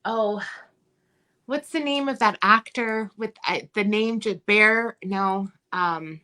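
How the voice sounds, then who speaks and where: A middle-aged woman from Minnesota with a Minnesota accent, chatting as a guest and telling stories in an animated way. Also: medium pitch, slow pace. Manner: animated storyteller who laughs often and acts out quotes. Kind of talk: casual chat.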